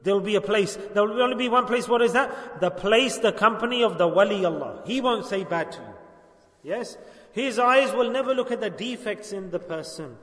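A high-voiced man preaches a sermon, stopping often to ask his listeners whether they understand. He sounds far from the mic, and his voice rings through a large hall with a long, roomy reverb. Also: expressive, moderate pace, fairly bright tone. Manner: preaching with repeated rhetorical questions. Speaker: religious teacher.

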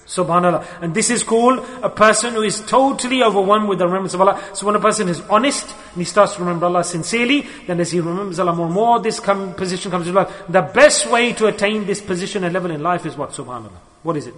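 A man's voice: high-pitched, fast, few pauses, a bit bright, in a large hall. A man teaching his Sufi students in an earnest sermon, repeating his key phrases.

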